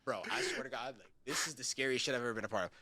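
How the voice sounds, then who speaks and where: A man's voice: medium pitch, rapid-fire, a crowd in the background. A man telling a story on a casual podcast, swearing freely and acting out what people said. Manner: animated, profane storytelling with acted-out quotes.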